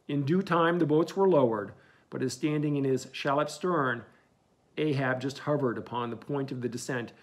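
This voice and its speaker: A man narrating a classic sea novel in a measured, steady audiobook reading. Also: mid-range voice.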